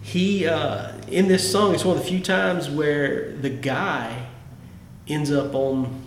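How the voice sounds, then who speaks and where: A man with a voice on the high side and fairly even intonation talks slowly as a podcast host. The conversation is a casual, enthusiastic chat about favorite songs, with frequent sentence restarts. Echo and faint noise fill the room.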